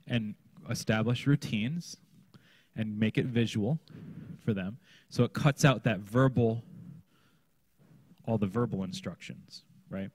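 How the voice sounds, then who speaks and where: In a conference room, a man who works as a children's pastor leads a workshop session conversationally, checking in with his listeners often. His voice is medium-pitched and husky, with no echo.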